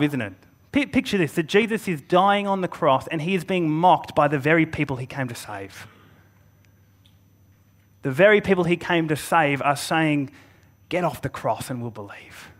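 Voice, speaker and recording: A man delivers a sermon in a fairly high voice. He speaks earnestly, leans on pauses for emphasis, and now and then restarts a phrase as he goes. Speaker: preacher. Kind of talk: Good Friday sermon.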